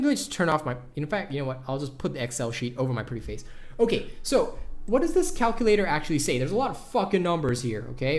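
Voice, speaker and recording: A man with a high natural speaking voice who rambles excitably, with lots of swearing and stumbling repeats, while giving a gameplay guide. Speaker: gaming YouTuber. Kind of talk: casual gameplay guide commentary.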